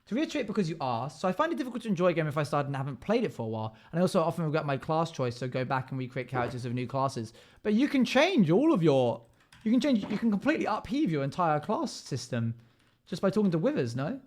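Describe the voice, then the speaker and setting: A man's voice: on the high side, sing-song, fast talker, a little mellow. Chatty streamer man humming between chat replies. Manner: chatty, reads viewer comments aloud and answers them; hums and scats tunelessly while building. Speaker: game streamer. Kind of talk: casual live-stream chat while playing.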